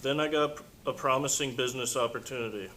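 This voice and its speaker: Man reading aloud, steady and plain. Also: medium pitch, fast talker, a little hiss or hum, poor audio. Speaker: class reader.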